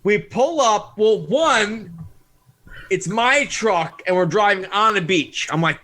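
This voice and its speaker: A man with a high, bright voice that swings all over as he talks. He tells stories in casual podcast chat and plays out his own lines. His tone is lively and sharp. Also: slow, a little hiss or hum. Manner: animated storyteller, acts out his own quotes. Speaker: podcast guest.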